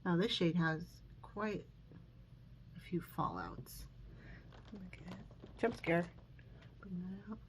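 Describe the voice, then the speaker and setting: A woman with a lowish voice chats slowly at home while doing her makeup, pausing often and recording on her phone, so the audio is poor with a slight hiss or hum. This makeup vlogger rambles self-consciously, full of fillers and restarts, sounding a little nervous and sniffling from allergies.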